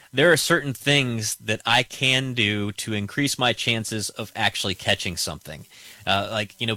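Bright-voiced male radio host. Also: on the low side, no echo. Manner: conversational, folksy questions. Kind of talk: radio interview.

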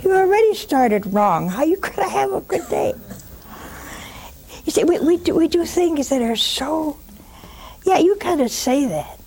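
A woman hosting a religious call-in show, teaching in an animated way, mocking with put-on quotes and dropping to a hush for emphasis. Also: sits high, unhurried, long pauses. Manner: animated, mocks with put-on quotes, drops to a hushed whisper for emphasis.

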